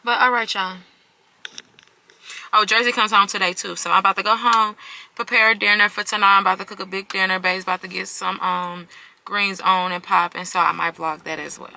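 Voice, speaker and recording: A woman's voice: mid-range voice, steady tone, a little fast, vocal fry, pushed and bright, rough recording. A woman vlogging casually from her car, telling a personal story with candid, profane talk and a sore throat. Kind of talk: casual confessional vlog.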